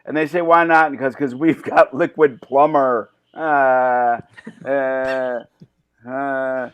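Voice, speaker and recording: A man's voice: medium pitch, steady tone, slow, muffled recording, a little hiss or hum. A man improv player telling an improvised joke hesitantly, trailing off into fillers.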